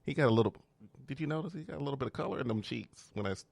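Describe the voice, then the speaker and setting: A man's voice: medium pitch, expressive, rapid-fire, creaky, heavy background noise. A man hosting a casual chat show, flirty and playful, laughing often and teasing his guest. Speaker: host. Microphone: studio mic with headphones.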